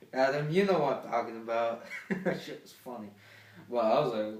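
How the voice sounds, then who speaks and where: Recorded from a distance in an echoey room, a male vlogger — a teenage boy — tells a rambling school story packed with swearing and fillers. His voice is mid-range and his pace moderate, and he's speaking off-mic.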